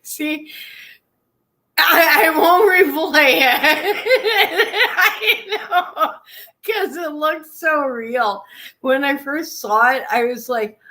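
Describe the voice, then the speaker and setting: A woman's voice: high-pitched, drawn-out words, sharp tone. A woman live-streaming in casual chat, often laughing through her words.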